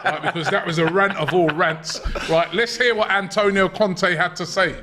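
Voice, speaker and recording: A man hosting a football round-up show, chatting casually with animated banter. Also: high voice, moderate pace, a crowd in the background.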